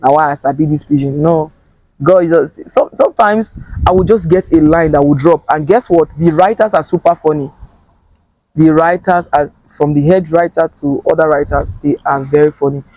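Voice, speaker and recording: A young Nigerian actress chatting in an interview, lively and quick to slip into Pidgin. Her voice sits close and dry with no room around it. She talks in a loose, storytelling way. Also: deep voice, no room sound, rough recording. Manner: animated, mixing English with Pidgin, laughs often. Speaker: actor guest. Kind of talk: casual interview chat.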